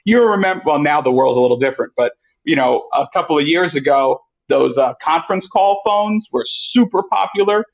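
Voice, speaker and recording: A man guest on a podcast, chatting casually and acting out quotes in lively voices. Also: a little fast, creaky. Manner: animated, acts out quotes with pitch jumps. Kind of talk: casual storytelling chat. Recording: muffled lo-fi audio.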